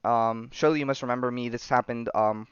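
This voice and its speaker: A man's voice: medium pitch, steady tone, clean tone, no room sound, highs cut off, lightly acted. A man doing a tormented vampire scientist. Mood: pleading. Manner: earnest, halting dramatic read-through. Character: brooding male vampire scientist, lovesick and tormented.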